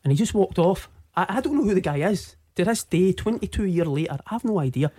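A Scottish man in his forties, a guest telling a personal story in an earnest, halting way, often repeating his words. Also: sits high, lively intonation, mellow, breathy edge, no room sound, studio quality. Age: 40s. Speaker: interview guest.

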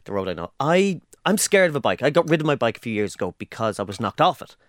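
Irish man, lively stop-start podcast talk. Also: mid-range voice, fast, no room sound, studio quality. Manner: animated, stop-start with many restarts. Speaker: podcast co-host. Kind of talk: casual chat.

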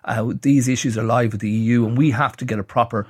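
A man, a newspaper editor on a radio panel, talking in a measured way with frequent restarts. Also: mid-range voice, steady tone, breathy edge, no room sound, studio quality.

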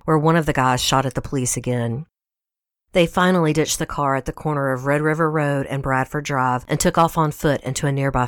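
A woman from Tennessee with a Southern American accent, a guest podcast host reading a scripted true-crime story in a measured storytelling way. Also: rumbling low, no echo, clean studio sound. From Tennessee, USA.

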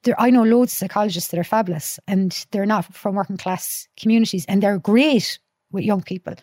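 Dublin woman, podcast guest, animated storyteller, swears freely, dry close sound. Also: mid-range voice, fairly quick, no room sound. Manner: lively storyteller, acts out quotes, swears freely. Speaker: podcast guest, youth worker. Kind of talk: casual chat.

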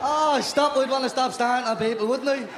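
A man's voice: very high voice, steady tone, a little fast. A man with a Dublin Irish accent co-hosting a live comedy podcast, teasing the audience with cheeky, swearing banter. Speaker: podcast co-host. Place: stage of a live show in a theater. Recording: echoey live venue with a noisy crowd.

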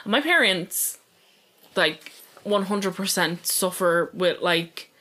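A woman's voice: fairly low pitch, lively intonation, slow pace, bright, forceful tone. A woman in a casual chat, talking emphatically with many fillers.

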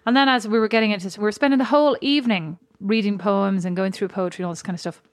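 A woman in her thirties with an Irish accent, co-hosting a podcast in casual, animated chat, telling stories with quoted asides. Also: medium pitch, very fast, no echo, studio quality. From Ireland. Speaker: podcast co-host.

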